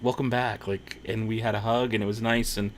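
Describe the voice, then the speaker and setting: A man's voice: on the low side, little pitch movement, brisk, a little hiss or hum. A man hosting a casual watch-party livestream, reading chat comments aloud and laughing often.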